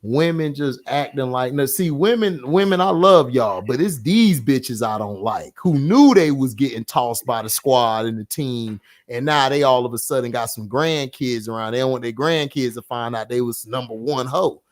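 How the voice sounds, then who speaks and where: A man, chatting casually as a podcast host, loud and laughing, acting out movie scenes in slang. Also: mid-range voice, moderate pace, few pauses. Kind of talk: casual chat.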